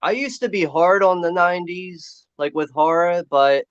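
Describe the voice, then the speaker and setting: A man's voice: high voice, normal speed, clear, resonant tone, dry recording. A man in a casual movie commentary, laid-back, peppering his talk with "like" and laughing easily. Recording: dry dull lo-fi sound.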